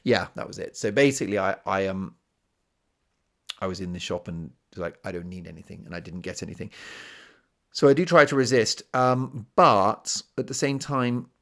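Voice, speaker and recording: A man's voice: on the low side, normal speed, a bit bright. Chatty, rambling British-born man hosting a podcast. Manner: chatty, self-mocking, rambling with asides. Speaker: podcast host. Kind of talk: casual solo podcast monologue.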